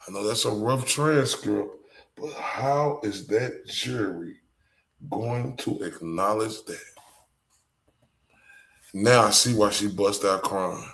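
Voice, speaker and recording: A man's voice: lowish voice, slow pace, gravelly, long pauses, fairly bright tone, poor audio. Emotional Texan man reading a transcript. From Dallas, Texas. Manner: emotional, exclaiming in disbelief. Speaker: live-stream commentator. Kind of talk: reading a transcript aloud with reactions.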